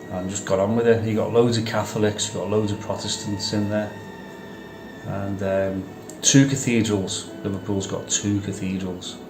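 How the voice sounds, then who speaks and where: A man hosting a vlog who talks in a casual, conversational way and repeats phrases for emphasis. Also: fairly low pitch. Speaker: vlog host. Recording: echoey room with music behind.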